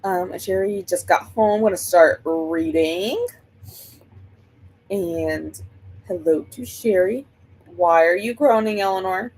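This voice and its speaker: A woman's voice: lowish voice, slow pace, long pauses, a little mellow, a little hiss or hum, low-quality recording. A woman hosting a book livestream, chatting casually and rambling while she greets viewers by name.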